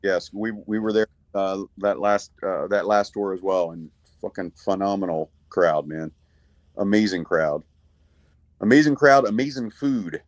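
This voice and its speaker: A middle-aged man with a fairly low voice talks as a guest over a video call. He rambles through his thoughts, restarting sentences and tossing in casual swearing. The sound is close and dry, with no room around it. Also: a little slow, no room sound. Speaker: guest musician. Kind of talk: casual chat.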